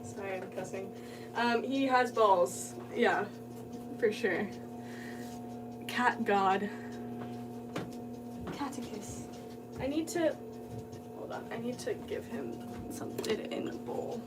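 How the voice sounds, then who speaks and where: A woman's voice: a little high, takes it slowly, long pauses, music in the background. A woman potter on a livestream, chatting casually and rambling to viewers while she works in her studio. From United States. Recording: voice a bit distant, steady hum behind.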